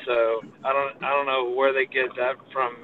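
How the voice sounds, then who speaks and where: A man's voice: mid-range voice, little pitch movement, moderate pace, narrow, tinny audio, background noise. A man from Texas with a Texan accent, chatting casually from a parked car, rambling with lots of fillers. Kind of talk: casual chat.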